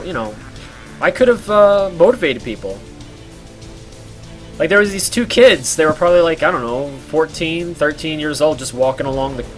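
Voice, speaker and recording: A man streaming a game while telling a rambling story, full of fillers and laughs. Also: fairly high pitch.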